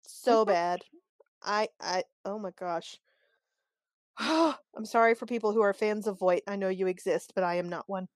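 A woman co-hosting a casual podcast, recapping a TV episode in a chatty, animated way and acting out the characters' lines. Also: medium pitch, moderate pace, no echo, studio quality. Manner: chatty and animated, acts out quoted lines, openly annoyed. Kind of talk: casual chat.

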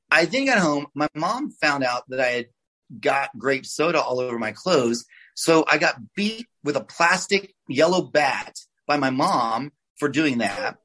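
Husky man telling animated stories. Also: on the high side, rough recording. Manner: animated, swears, acts out quoted voices. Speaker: guest, oral surgeon. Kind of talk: casual storytelling interview.

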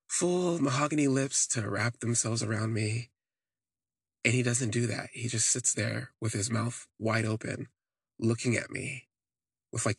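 A man's voice: mid-range voice, gravelly, breathy edge, no echo. A man hosting a podcast, telling a personal story in a candid, rambling way, full of "like" fillers. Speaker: podcast host. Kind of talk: casual first-person storytelling.

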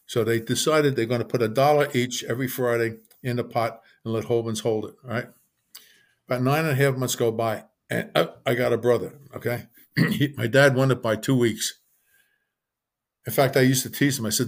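An older man, an author, telling lively family anecdotes in a casual interview and acting out the people he quotes. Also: medium pitch, brisk. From Brooklyn, New York. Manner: animated anecdote teller, acts out quoted voices, frequent restarts. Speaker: author guest.

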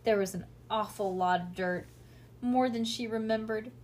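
A woman reading a children's storybook aloud in a casual, lively way with small slips. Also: on the high side, moderate pace, soft background music. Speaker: reader.

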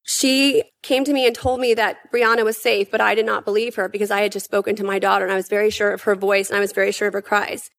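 A woman giving prepared testimony at a hearing, in an earnest, emphatic and measured way. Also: mid-range voice, level tone, gravelly.

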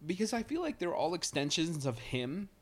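A man's voice: fairly high pitch, sing-song, normal speed. A man talking casually on a podcast, rambling with restarts and casual swearing. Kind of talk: casual chat.

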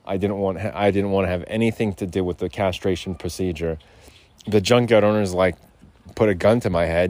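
A man's voice: low-pitched, steady tone, fairly quick, a little mellow, no room sound. A man hosting a podcast outdoors, rambling in loose, profane, digressive casual chat. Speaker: podcast host. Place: outdoors on a rural lot.

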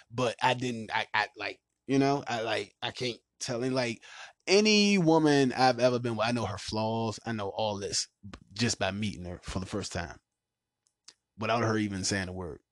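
A man's voice: fairly low pitch, normal speed, no echo, clean studio sound. Profane, ranting man hosting a podcast. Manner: profane, animated rants, laughs loudly. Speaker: podcast host. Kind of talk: casual podcast chat.

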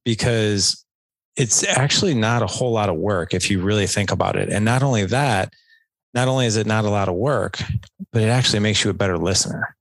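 A man's voice: fairly low pitch, brisk, no room sound, low-quality recording. A middle-aged man, a podcast guest, earnestly explaining communication skills in a conversational interview, acting out example dialogue. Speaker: podcast guest, dad coach.

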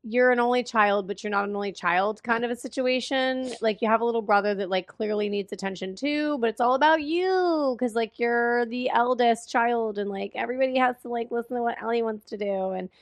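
A woman's voice: on the high side, brisk, few pauses, no echo. A woman co-hosting a casual movie recap chat, blunt and sarcastic, laughing often. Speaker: podcast co-host.

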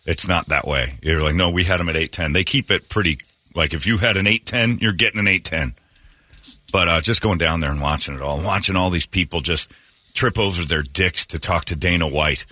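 A man's voice: deep voice, a little fast, no room sound. A man who hosts radio, telling stories in casual chat and mimicking the people he met. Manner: animated storyteller, mimics voices. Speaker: radio host.

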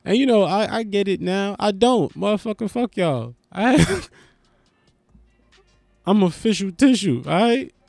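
A man doing a comedic monologue, animated and profane, riffing with lots of restarts. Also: sits high, a little slow, creaky, dry recording, soft background music. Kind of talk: stand-up style comedic monologue.

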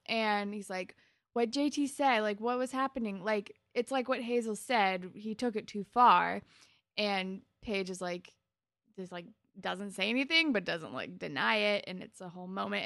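A woman's voice: mid-range voice, gravelly, fairly bright tone, no echo, studio quality. A woman co-hosting a podcast, retelling a TV episode in a rambling, casual way full of "like". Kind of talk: casual TV recap chat.

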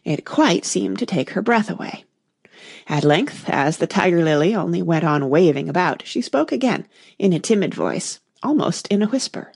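A woman narrating a classic children's story aloud in an expressive, measured reading style. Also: fairly low pitch, vocal fry, breathy edge, no room sound, studio quality.

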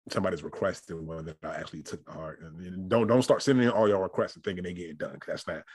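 A man's voice: low-pitched, quick pace, a little hiss or hum. A man hosting a podcast in casual chat, thinking aloud with restarts and laughing often. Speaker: podcast host.

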